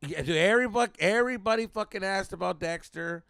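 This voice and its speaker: A young man, a comedian co-hosting a podcast, telling stories in a profane, animated way while hoarse from a lost voice. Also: high voice, fast talker, no echo, studio quality. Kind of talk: casual podcast chat.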